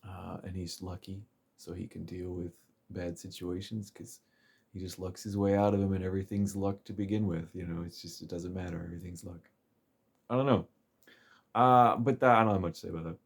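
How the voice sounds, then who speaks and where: A man's voice: low voice, steady tone, a little fast, creaky, slightly rough. A man casually recapping a game's story chapter, rambling and chuckling with plenty of fillers. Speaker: game story commentator.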